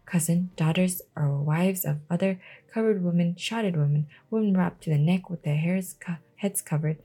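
A woman's voice: lowish voice, warm tone. A woman reading a novel aloud at bedtime, casually, stumbling and restarting often. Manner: reads with frequent stumbles and restarts.

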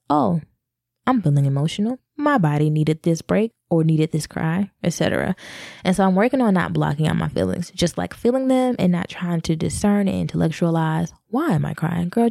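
Brief: thirties woman, candid self-help vlogger, warm low voice, talks straight to viewers. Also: creaky, no echo, clean studio sound. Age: 30s. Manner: candid, confessional, addresses viewers as y'all. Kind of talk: candid personal vlog.

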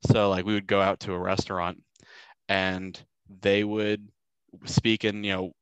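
Low-voiced man telling rambling stories. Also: little pitch movement, unhurried, smooth, no room sound, muffled recording. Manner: rambling storyteller, many ums, acts out quotes. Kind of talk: casual chat.

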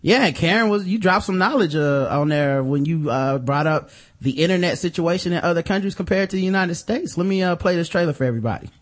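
A man hosting a podcast, chatting casually, reading a sponsor spot and plugging his site with loose, joking asides. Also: on the high side. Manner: loose, joking, shifts between fast asides and drawn-out hype. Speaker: podcast host.

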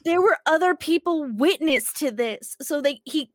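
A woman co-hosting a podcast, still congested from illness, telling an animated story with casual swearing. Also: high-pitched, moderate pace, dry recording, studio quality. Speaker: podcast co-host.

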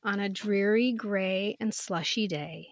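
A woman in her fifties co-hosting a casual podcast chat, telling stories with animated swings from soft to loud. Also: mid-range voice, takes it slowly, no room sound, clean studio sound. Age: 50s. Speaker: podcast co-host.

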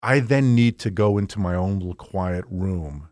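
A man with a New Jersey accent, chatting as a guest in an interview, talking fast and telling stories with animation. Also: low-pitched, a little mellow, dry recording, clean studio sound. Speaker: guest author. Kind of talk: casual interview chat.

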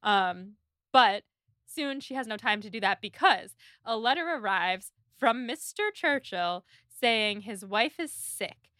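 A woman's voice: mid-range voice, lively intonation, slow pace, sharp tone, no room sound, studio quality. A woman co-hosting a podcast, chatting casually and summarizing a story's plot with playful asides. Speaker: podcast co-host. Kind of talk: casual book-club chat.

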